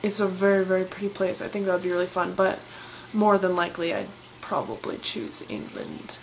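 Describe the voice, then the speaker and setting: A woman's voice: fairly low pitch, a little fast, creaky, slight background noise, low-quality recording. A young woman in her twenties, chatting casually and enthusiastically as she answers questions in a vlog. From Colorado, USA. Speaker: vlogger.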